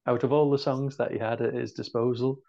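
A man interviewing a guest, asking halting, hesitant questions. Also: medium pitch, flat delivery, creaky, dark tone. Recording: dull lo-fi audio.

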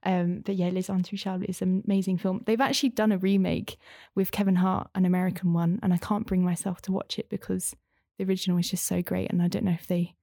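A woman's voice: lowish voice, flat delivery, fast talker, mellow, no echo, clean studio sound. A young woman in casual conversation, talking in a chatty, rambling way with many fillers. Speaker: interview guest, former language student.

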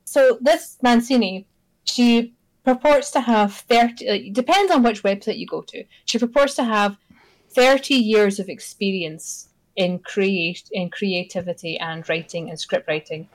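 A woman's voice: mid-range voice, measured pace, poor audio. A woman co-hosting a casual podcast chat, telling a story in an exasperated, sweary way. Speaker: podcast co-host.

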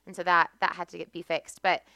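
A woman's voice: on the low side, flat delivery, fast talker, creaky, bright, forceful tone, no room sound. A young American woman, a podcast guest, telling stories from her life in a chatty way and laughing often. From United States. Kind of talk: casual podcast conversation.

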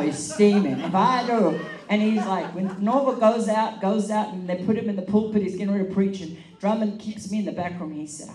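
A woman evangelist telling a story in a sermon, animated and laughing as she acts out the quotes. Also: mid-range voice. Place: meeting hall. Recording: echoey room, mic at a distance.

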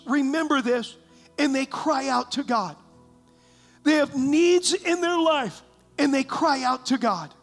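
A pastor preaching a sermon, reading scripture aloud and asking the congregation questions in an animated way. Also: male voice, extremely high pitch. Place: church sanctuary.

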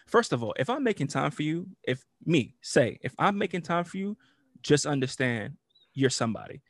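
A man's voice: on the high side, very animated, normal speed, no room sound, clean studio sound. A man co-hosting a podcast, bantering loosely in slangy casual chat and laughing along. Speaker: podcast co-host.

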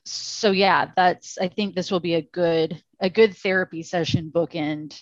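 A woman co-hosting a podcast in casual chat, tired and gravelly voiced, rambling with lots of fillers and restarts. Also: on the low side, fairly even intonation, unhurried, no echo, lo-fi sound. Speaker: podcast co-host.

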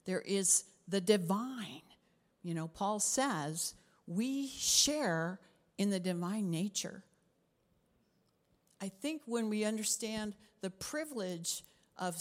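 A middle-aged Canadian woman preaching a sermon as a pastor, expressive, sometimes dropping her voice to a whisper for emphasis. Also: mid-range voice, in a large hall.

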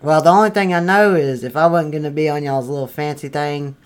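A man's voice: on the high side, steady tone, brisk, clear, resonant tone, lightly acted. A man playing a crude, foul-mouthed redneck landlord from North Carolina, blustering through an improvised comedy sketch. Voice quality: profane, blustering, drawling. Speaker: comedy podcast character.

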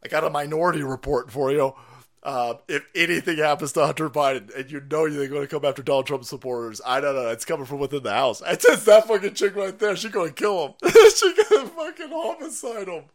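A man's voice: fairly high pitch, animated, fairly quick. A man hosting a livestream, ranting in profane, mocking commentary and laughing often. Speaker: livestream host.

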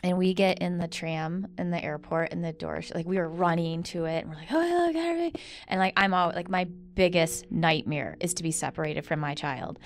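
A middle-aged woman chatting casually as a podcast co-host, with a gravelly, creaky edge to her voice. She talks in an animated way and swears freely when something riles her. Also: on the low side, moderate pace, few pauses. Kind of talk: casual chat.

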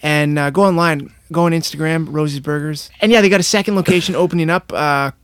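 A man's voice: a little high, steady tone, fast. A young man from Canada, a podcast host, chatting casually with friends, swearing and laughing often. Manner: swearing, laughing, doing silly impressions. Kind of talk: casual chat.

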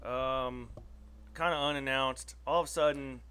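A man's voice: medium pitch, fairly even intonation, a little slow, sharp tone, clean tone. A man co-hosting a casual podcast, telling a story in a rambling way with many restarts. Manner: rambling, full of restarts and fillers. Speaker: podcast co-host.

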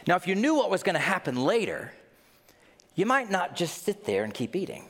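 Playful, lively-voiced preacher in a reverberant sanctuary. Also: male voice, high-pitched, brisk. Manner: playful, jokey, acts out listeners' reactions. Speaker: pastor. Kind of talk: humorous conversational sermon. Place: church sanctuary. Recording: long reverb of a large hall.

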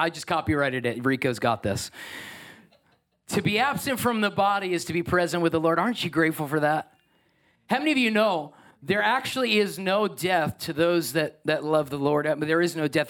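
A male pastor preaching a Sunday sermon in a church, animated and emphatic, with joking asides to the congregation. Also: fairly high pitch. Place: church sanctuary.

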